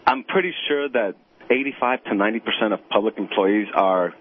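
A man's voice: fairly low pitch, a little fast, phone-quality sound, slight background noise. A man calling into a talk radio show, shy and stammering but eager, sharing a quip and some personal chat. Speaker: caller. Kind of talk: phone-in chat.

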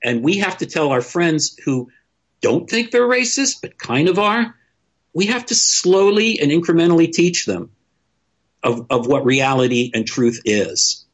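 A man's voice: fairly high pitch, animated, measured pace, muffled recording. A man talking in a casual podcast discussion, opinionated and blunt, swearing freely and restarting his sentences often.

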